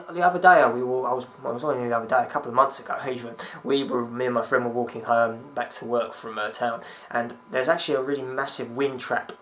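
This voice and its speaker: A man's voice: medium pitch, fairly bright tone, a little hiss or hum. A young man ranting to camera at home in a rambling, sweary, sarcastic way. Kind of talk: casual ranting vlog.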